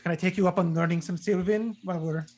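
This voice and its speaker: Male player, higher voice with gravelly fry, talkative and giggly. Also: fairly even intonation, quick pace, darkish tone. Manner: chatty, laughs between words, restarts. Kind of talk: casual chat at a tabletop game.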